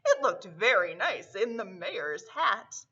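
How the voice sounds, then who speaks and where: Children's librarian at storytime; bright, slow, sing-song reading. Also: female voice, mid-range voice, very animated, slightly rough, lo-fi sound. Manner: warm, slow, sing-song delivery for kids.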